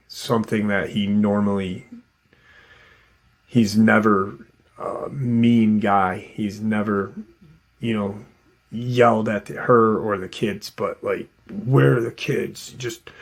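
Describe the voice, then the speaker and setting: A man narrates a tense story in an easygoing, unscripted way, leaning on "um" and "you know" as he goes. His voice sits on the low side, and he takes his time, letting the words come out slowly. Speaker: channel host retelling an encounter.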